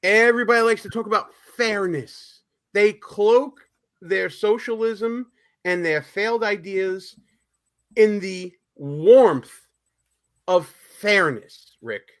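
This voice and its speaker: A male host with a notably high voice leads a political talk show. He speaks emphatically and lets sarcasm colour his remarks. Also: takes it slowly, a bit bright.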